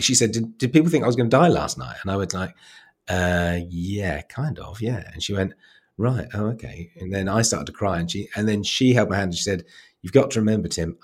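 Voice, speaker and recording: A man with an English accent, a guest in an interview, telling personal stories softly and haltingly, with frequent restarts. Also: sits low. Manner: soft-spoken, halting, with many restarts and fillers. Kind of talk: reflective conversational storytelling.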